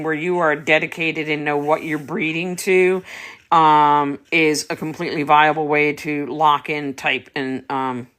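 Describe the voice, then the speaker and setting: A woman's voice: deep voice, a bit bright. A woman dog breeder chatting casually on a livestream, answering viewer comments while tending puppies.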